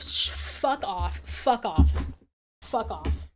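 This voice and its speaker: A woman's voice: fairly high pitch, lively intonation, normal speed. Exasperated swearing woman streamer. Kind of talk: live game reaction.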